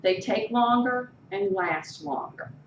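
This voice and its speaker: A woman's voice: medium pitch, slow pace, a little hiss or hum. A woman instructor giving a classroom lecture, asking her students questions and often checking in with "okay?". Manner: animated, keeps checking in with "okay?". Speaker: college instructor. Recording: echoey room, voice from far off, muffled.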